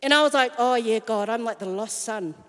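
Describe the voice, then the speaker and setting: Woman, high voice, self-mocking sermon storytelling, reverberant hall. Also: fairly quick, a bit bright. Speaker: speaker at a church talk.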